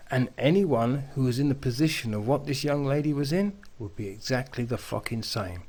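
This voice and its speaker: A man's voice: mid-range voice, darkish tone. A man hosting a reaction video, ranting angrily with constant swearing and mocking jeers. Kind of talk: angry profane ranting commentary.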